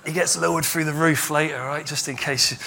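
Man, pastor, sermon, animated storytelling, high voice, bright tone. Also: a little fast, creaky. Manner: animated storytelling, acts out imagined dialogue.

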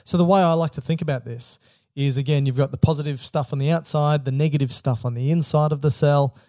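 A man co-hosting an educational podcast, explaining things in plain steps and asking prompting questions in a relaxed chat. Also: fairly high pitch, fast talker, dry recording, clean studio sound. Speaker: podcast co-host.

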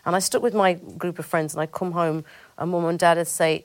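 Northern English actress, lowish voice. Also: female voice, steady tone, fairly quick. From Rochdale, northern England. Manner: thoughtful, with frequent restarts and hesitations. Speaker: actress, interview guest. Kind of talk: candid conversational interview.

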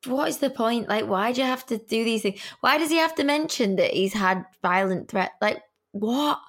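A woman co-hosts a casual celebrity news chat. Her voice sits high. She reacts with short interjections and quick questions. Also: animated, fairly bright tone. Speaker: co-host.

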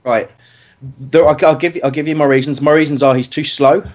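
A man's voice: on the high side, fairly quick. Guy arguing football on a podcast, talks over people, keeps restarting. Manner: animated, argumentative, lots of restarts. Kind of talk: casual chat.

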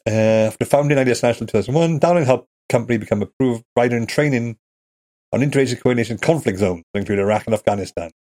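A man co-hosting a casual podcast, chatting and reading aloud haltingly, laughing often. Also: mid-range voice, darkish tone. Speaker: podcast co-host. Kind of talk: casual chat.

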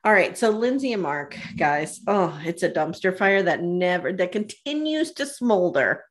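A woman's voice: lowish voice, very animated, unhurried, a little hiss or hum. A woman co-hosting a podcast, retelling reality TV scenes in casual chat and laughing often. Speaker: podcast co-host.

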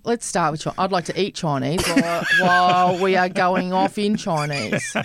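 A woman's voice: fairly low pitch, normal speed, a bit bright, slight background noise. A middle-aged woman with an Australian accent hosting a podcast in casual chat, jokey, laughing and swearing freely. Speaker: podcast host.

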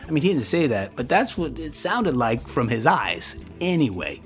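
A man casually recounting a story from his past, lively and acting out other people's voices. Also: mid-range voice, moderate pace, faint music behind. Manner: animated, acts out the voices of others in his anecdotes. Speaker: interviewee recounting his studio career.

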